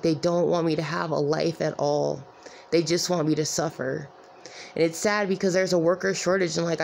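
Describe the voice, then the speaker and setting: A weary, distressed woman talking to her viewers in a rambling, halting way, with many repeated "like"s. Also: lowish voice, creaky, a little mellow, a little hiss or hum. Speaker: vlogger. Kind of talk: emotional personal vlog.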